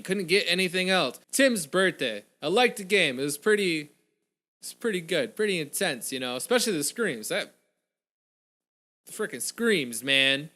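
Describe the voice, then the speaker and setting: A man's voice: a little high, expressive, moderate pace, sharp tone. A man hosting a gaming channel, giving loose, casual let's-play commentary and saying "frickin'" a lot.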